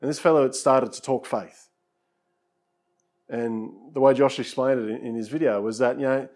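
A man's voice: mid-range voice, darkish tone. A man preaching a conversational sermon as pastor, often saying "you know" and repeating words, then leading a prayer.

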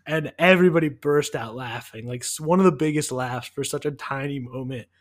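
A man's voice: mid-range voice, a little fast. Rambling man in casual podcast chat. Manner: rambling, many fillers, enthusiastic. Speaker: podcast co-host.

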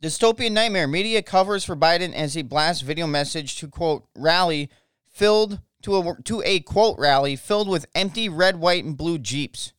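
A man's voice: a little high, normal speed, fairly bright tone, clear, resonant tone, no room sound, clean studio sound. Profane, ranting American man. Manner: angry, profane, repeats himself. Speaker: podcast host. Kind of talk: ranting political podcast monologue.

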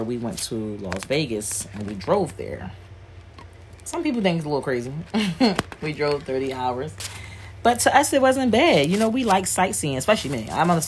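A little hiss or hum sits under a woman hosting her podcast, who rambles candidly and casually with slang and restarts. Talk of grief makes her drop low and soft.

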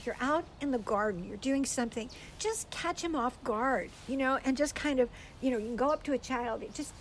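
A woman's voice: sits high, slight background noise, poor audio. Earnest older woman teaching on prayer. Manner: gentle, earnest, tearful at times. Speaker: speaker teaching on prayer for children. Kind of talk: heartfelt faith teaching to a group.

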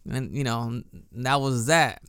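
A man's voice: mid-range voice, a little slow, a bit bright, clear, resonant tone, no room sound, studio quality. A man hosting a casual solo podcast, telling a story in a chatty way with restarts and "you know" fillers. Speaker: podcast host. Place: lives in Japan.

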